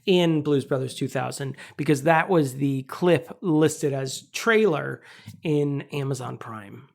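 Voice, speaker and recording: A man's voice: mid-range voice, takes it slowly, vocal fry. A man co-hosting a comedy podcast, chatting casually and sarcastically, swearing freely as he riffs. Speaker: podcast co-host. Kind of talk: casual chat.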